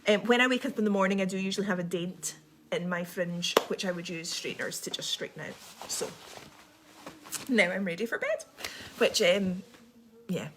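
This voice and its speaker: A young Scottish woman with a posh accent, chatting quickly and rambling through a casual livestream. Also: medium pitch, fairly bright tone, a little hiss or hum. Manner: fast, chatty, rambling with many ums. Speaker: livestream host.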